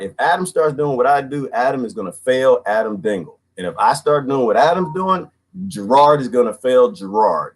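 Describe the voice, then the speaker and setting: Animated husky man talking to viewers. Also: mid-range voice. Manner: animated, talks to viewers and reads comments aloud. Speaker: livestream host. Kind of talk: casual livestream monologue.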